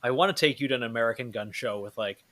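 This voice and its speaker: A man's voice: mid-range voice, quick pace, fairly bright tone, slight background noise. Male podcast host, blunt and foul-mouthed in loose casual chat, with a mid-range voice. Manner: blunt, swears freely.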